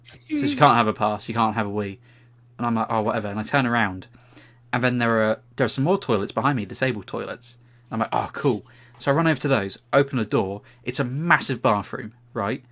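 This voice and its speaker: A man's voice: medium pitch, quick pace, a bit bright. A young British man, co-host of a podcast, telling a funny anecdote in casual chat and swearing freely.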